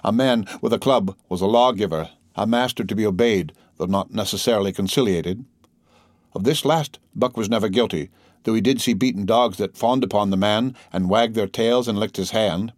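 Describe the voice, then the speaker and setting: A man reading an audiobook in measured, dramatic storytelling. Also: fairly low pitch, dry recording, studio quality. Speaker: audiobook narrator. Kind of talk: scripted audiobook narration.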